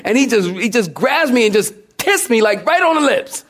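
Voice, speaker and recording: A man's voice: very high voice, brisk, few pauses, a bit bright. A man delivering a sermon to a congregation. He tells stories with humor and keeps asking the listeners questions. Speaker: pastor. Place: church before a congregation.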